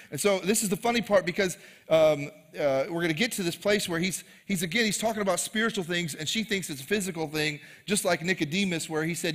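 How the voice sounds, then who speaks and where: A man's voice: high-pitched, a little fast, a bit bright, long reverb tail. A man preaching a sermon to a live congregation, casual and joking in tone. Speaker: pastor. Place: live church service.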